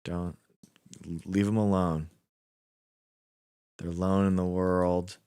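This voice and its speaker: A man's voice: low-pitched, little pitch movement, takes it slowly, long pauses, a little mellow, clean tone, no room sound, clean studio sound. A young American man hosting a nightly livestream, chatting with viewers, rambling and saying "like" and "dude" a lot. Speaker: livestream host. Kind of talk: casual chat with chat viewers.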